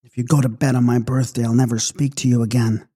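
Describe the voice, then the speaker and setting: A man's voice: medium pitch, level tone, fast talker, warm tone, husky, no room sound, natural voice. A man voicing a bored, peevish young woman who complains in a whiny tone. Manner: petulant, whiny.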